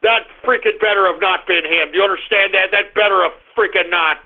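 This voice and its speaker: A male radio talk show host, exasperated, yelling at callers to shut up. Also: high-pitched, brisk, slight background noise. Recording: tinny phone-like sound.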